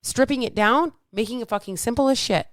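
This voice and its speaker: A woman's voice: on the high side, brisk, fairly bright tone, no room sound. Woman podcast host and coach; casual, blunt, upbeat, dry close recording. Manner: blunt, swears freely, upbeat. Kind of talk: casual motivational talk.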